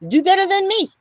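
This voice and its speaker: A woman's voice: very high voice, dry recording. A woman hosting a casual crochet livestream outdoors, chatting and reading viewers' comments aloud as she laughs often. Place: outdoors in the shade.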